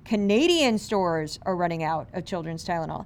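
A woman hosting a media commentary podcast, brisk, sarcastic and incredulous. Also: on the low side, animated. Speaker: podcast host.

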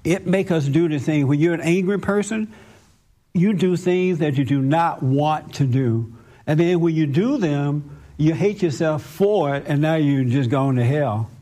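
A man's voice: fairly high pitch, a little slow, warm tone. A man giving spiritual counsel to a group in an emphatic, insistent way, repeating his points. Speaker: spiritual teacher.

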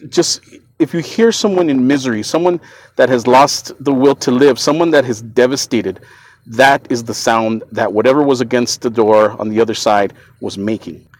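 A man at a middle pitch tells a personal story as a podcast host. He speaks earnestly, sounding shaken, and keeps stumbling, repeating words and restarting his sentences. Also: moderate pace, darkish tone.

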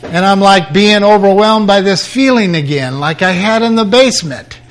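A man's voice: high-pitched, moderate pace. An older man, a preacher, telling his personal testimony as a dramatic storyteller whose voice rises at the intense moments.

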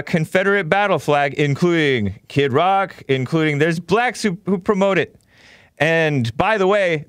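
A talk show host with a fairly high-pitched male voice launches into a casual rant that's combative, mocking, and rambling. The recording is clean studio quality with no echo.

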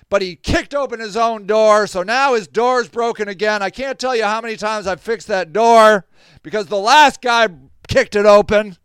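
A man hosting a podcast, telling a story in a casual, animated and exasperated way, swearing freely and laughing between lines. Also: sits high, smooth, dry recording, studio quality. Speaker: podcast host.

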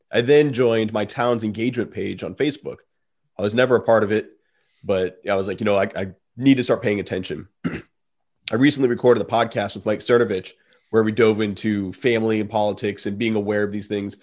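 A man's voice: lowish voice, fairly even intonation, fairly quick, darkish tone. A man hosting a podcast, telling stories in a loose, rambling way full of fillers. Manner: rambling storytelling with many fillers. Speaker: podcast host. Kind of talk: casual interview talk.

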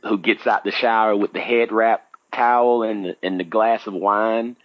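Man, 30s, low-pitched, lively casual storyteller; dry, slightly muffled recording. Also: moderate pace, dry recording. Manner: animated, acts out his own past reactions with big pitch jumps.

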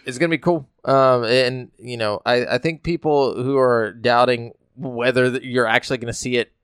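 Smooth-voiced man hosting a gaming podcast. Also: mid-range voice, steady tone, normal speed, no room sound, studio quality. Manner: reads news quotes aloud, loose and rambling. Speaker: podcast host. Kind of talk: casual gaming news chat.

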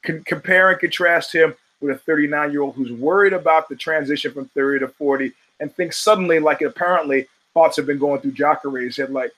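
An American podcast host in his fifties rants about fight results, swearing heavily and wandering off into tangents with emphatic energy. His voice is a little high and a bit bright, and he talks a little fast with few pauses. The recording quality is low.

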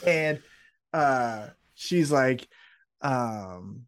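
A man co-hosting a casual podcast, recapping wrestling and acting out quotes in a higher voice. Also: extremely slow. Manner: animated storytelling, acts out quotes in higher voice. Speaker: podcast co-host.

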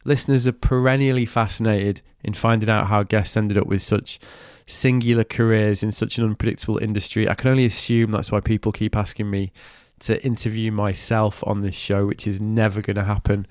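A man from Manchester, nasal because of a cold, hosts a podcast, reading a scripted intro before chatting casually with a guest, all with an enthusiastic, cheeky manner and offhand swearing. His voice is on the low side, darkish and smooth, brisk with few pauses and little pitch movement. It's studio quality with no echo.

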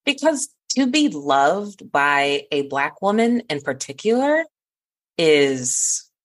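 Low-voiced earnest woman host. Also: big pitch swings, slow pace. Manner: earnest, warm-hearted, laughs often. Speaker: podcast host. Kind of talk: heartfelt conversation.

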